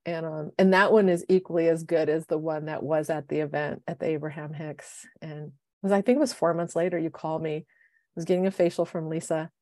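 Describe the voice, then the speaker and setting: A woman in her fifties, co-hosting a podcast as a life coach, telling stories with lively quoted voices. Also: deep voice, a little fast, dry recording. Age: 50s. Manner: animated storyteller, acts out quoted voices. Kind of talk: casual chat. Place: home, city.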